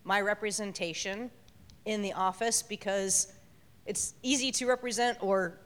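A woman speaks up from the congregation, earnest and measured as she shares. A long reverb hangs on her words in the church hall. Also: medium pitch, steady tone, a bit bright. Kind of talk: sharing in a church gathering.

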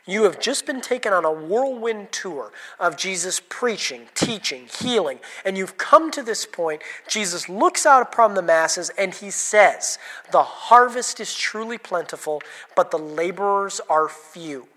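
A man's voice: sits high, animated, measured pace, a bit bright. A man preaching an interactive sermon, asking the congregation questions and calling on people by name. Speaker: pastor. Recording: hall reverb.

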